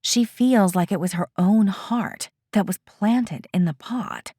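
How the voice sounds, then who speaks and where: Woman audiobook narrator, slow and expressive, dry studio read. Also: mid-range voice, breathy edge, dry recording. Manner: measured, expressive storytelling.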